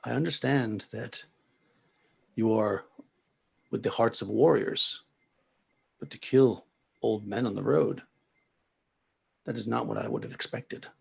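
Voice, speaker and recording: A calm old priest who speaks slowly and evenly, voiced by a man. The voice is gravelly with a husky edge, and the manner is unhurried and gentle. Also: on the low side, exaggerated voice. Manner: slow, measured and calm. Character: calm, soft-spoken old male priest.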